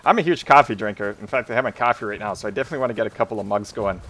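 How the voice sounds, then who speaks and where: A man's voice: on the low side, racing, fairly bright tone. Man streaming a game, chatty. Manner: chats with viewers, barks orders to teammates. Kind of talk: casual live gameplay commentary.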